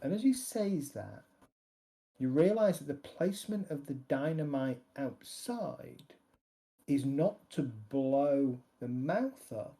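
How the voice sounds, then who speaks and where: A man narrating a tabletop horror game as game master, describing scenes in a relaxed way. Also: mid-range voice, takes it slowly, creaky.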